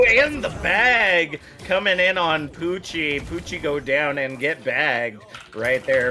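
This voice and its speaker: A male caster calling a live esports match with a bright, forceful voice that sits a little high. He runs through the plays quickly and excitably, filling pauses with "uh.". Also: a little hiss or hum. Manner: quick, excitable calls with frequent fillers. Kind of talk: live play-by-play commentary.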